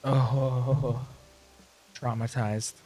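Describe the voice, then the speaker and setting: A young man streaming a game, chatting casually and rambling to himself, his voice a little hoarse and often clearing his throat. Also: medium pitch, little pitch movement, very slow, warm tone, a little hiss or hum. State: slightly hoarse. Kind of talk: casual gameplay chat.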